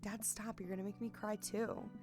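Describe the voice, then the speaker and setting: A woman voicing an excited teenage daughter from a dating-sim game, reading the dialogue aloud in an eager, chatty way. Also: medium pitch, moderate pace, music in the background, close to an everyday voice. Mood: teary. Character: cheerful teenage girl, excited about college.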